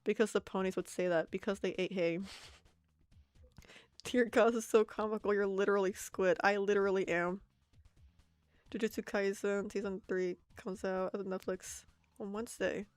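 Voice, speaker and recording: A young woman rambles casually while she draws, laughing at herself and answering chat. Her voice sits in a middle range, close to the mic in a dry space. Soft music plays faintly underneath. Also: mid-range voice, steady tone, moderate pace, no echo. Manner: giggly, self-mocking, reads chat aloud. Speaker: art streamer. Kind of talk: casual stream chatter while drawing.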